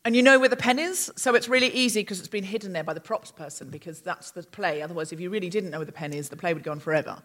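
A woman's voice: fairly low pitch, very fast, hardly any pauses. A woman co-hosting a live comedy podcast on stage, chatting with a theatrical, laughing delivery. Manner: animated and theatrical, laughing while explaining. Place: on stage at a London concert hall before a live audience.

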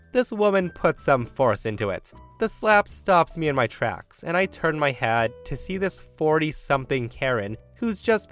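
A man narrating online stories, his voice swinging up and down with lively, disbelieving reactions between the retold events. His pitch sits in an ordinary middle range. Faint music plays underneath. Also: clear, resonant tone. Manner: animated, incredulous commentary. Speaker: story narrator. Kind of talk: reading online stories with commentary.

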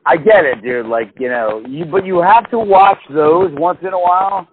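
Swearing, animated man on a tinny line. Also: high voice, normal speed, crowd noise. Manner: animated storyteller, swears a lot, acts out quotes. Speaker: podcast co-host. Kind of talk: casual profane chat. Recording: tinny phone-like sound with faint hiss.

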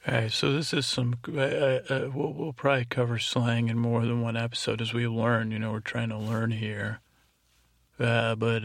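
Slow, flat, gravelly male podcast host. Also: medium pitch, no echo, studio quality. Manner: meandering, halting, stumbles over foreign words. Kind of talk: rambling bedtime podcast monologue.

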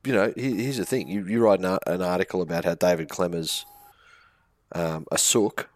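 A man's voice: low-pitched, fairly even intonation, moderate pace. A man co-hosting a casual sports podcast, blunt and opinionated, swearing freely. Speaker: podcast co-host.

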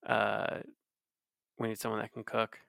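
A man in his thirties co-hosts a podcast, rambling casually with plenty of fillers and restarts. His voice sits on the low side, monotone and a little slow, gravelly yet a bit bright. The recording is dry and studio quality.

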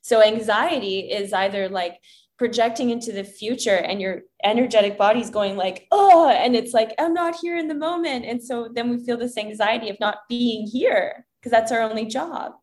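A woman guest in a casual spiritual chat, earnest and preachy, acting out gentle inner dialogue. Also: fairly high pitch, steady tone, normal speed.

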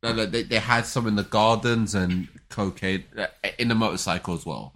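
Male co-host, low voice, lively pitch, bright tone; rambling, stammering storyteller. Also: moderate pace. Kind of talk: casual chat.

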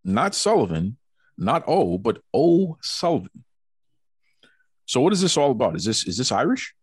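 Brief: male podcast host, lively, teasing banter, dry close sound. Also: medium pitch, brisk, slightly rough, no echo. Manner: jokey, teasing, playful banter. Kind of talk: casual interview chat. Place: home studio in Boston.

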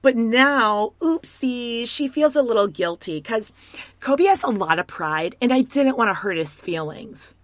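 A woman's voice: on the high side, expressive, unhurried, no echo. A woman co-hosting a casual reality show recap, blunt and snarky, mocking the people she talks about. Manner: snarky, blunt, acts out quotes in mocking voices. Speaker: podcast co-host.

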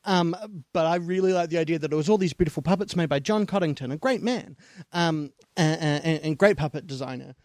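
A man's voice: a little high, fairly quick, few pauses, a little mellow, dry recording, studio quality. A man co-hosting a casual, comedic movie review chat, laughing often and jumping between asides. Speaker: podcast co-host.

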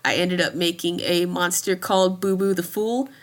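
A woman's voice: lowish voice, fairly even intonation, moderate pace. A woman in her thirties chatting casually as a podcast guest, laughing often between her thoughts. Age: 30s. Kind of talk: casual chat.

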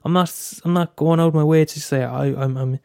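A man's voice: a little high, fairly even intonation, fairly quick, gravelly, darkish tone, clean tone, no room sound, clean studio sound. Irish young man, candid and sweary. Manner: candid, swears a lot, stammering restarts. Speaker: podcast host. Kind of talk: casual solo podcast talk.

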